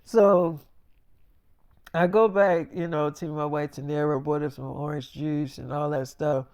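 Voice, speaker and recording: A man's voice: a little high, fairly even intonation, unhurried, darkish tone, smooth, no echo, muffled recording. Man rambling through a casual story.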